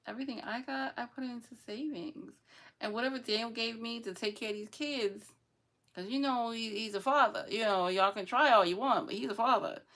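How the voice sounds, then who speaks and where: A woman's voice: mid-range voice, a bit bright. A young adult woman chatting casually in a rambling, emotional vlog, sometimes laughing through tears. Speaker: vlogger. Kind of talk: casual chat.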